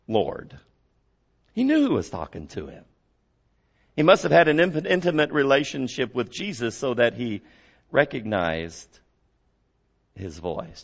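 Here a pastor preaches with a mid-range, creaky voice, alternating soft passages with forceful emphasis and questioning the congregation directly. The recording has its high frequencies cut off.

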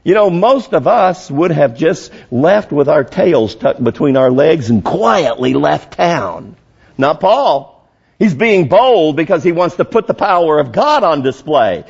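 A male pastor preaching a sermon emphatically, rising to loud high peaks and dropping to low quiet lines. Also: lively intonation, measured pace, slightly rough, lo-fi sound.

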